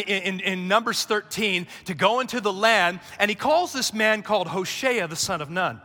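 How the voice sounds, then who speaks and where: A male pastor with a high, forceful voice preaches with emphasis, calling on the crowd to answer back and pushing to shouts. His voice rings with the long reverb of a large hall, with soft music underneath. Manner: emphatic, call-and-response preaching that builds to shouts. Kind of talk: sermon. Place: church sanctuary.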